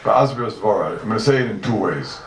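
A man teaching a Talmud class in a lively lecture style, repeating questions and mixing in Hebrew and Aramaic terms. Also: fairly low pitch, fast talker, a little hiss or hum. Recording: echoey room, mic from far off.

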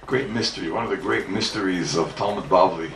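A rabbi teaches Talmud to his congregation, emphatic as he poses questions, answers them himself and repeats the key points. His low voice is brisk, picked up by a distant mic in an echoey room with faint background noise.

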